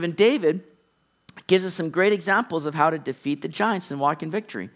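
Male pastor, middle-aged, high voice, lively sermon delivery that acts out the characters' lines. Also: brisk. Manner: animated preaching, acting out characters' lines.

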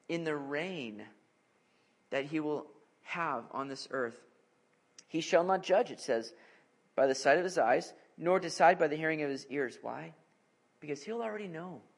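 Earnest conversational male pastor, higher voice. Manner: conversational, relatable asides with family stories; earnest, animated in anecdotes. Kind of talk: expository sermon.

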